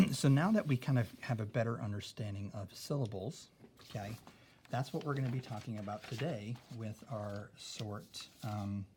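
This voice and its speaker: Male teacher, lowish voice, patient step-by-step explainer, keeps asking "okay?", light background noise. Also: lively intonation. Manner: explains slowly, adds "okay?" often. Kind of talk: recorded spelling lesson.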